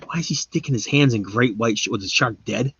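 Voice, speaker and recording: A man hosting a live stream, chatting casually with viewers and rambling, his voice often trailing off quietly. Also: medium pitch, brisk, breathy edge, no room sound. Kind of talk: casual chat. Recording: slightly muffled lo-fi sound.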